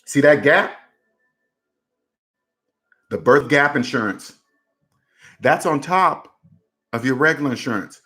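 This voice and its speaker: A man's voice: medium pitch, expressive, slow, long pauses, fairly bright tone, soft background music. A man hosting a personal finance channel, talking emphatically and repeating his points to drive them home. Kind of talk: casual commentary to camera.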